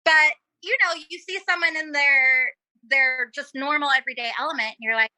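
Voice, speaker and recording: A woman's voice: sits high, a little fast, sharp tone, dry recording. A woman guest chatting casually on a talk show, telling stories with lots of giggles and acted-out quotes. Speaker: podcast guest. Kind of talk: casual chat.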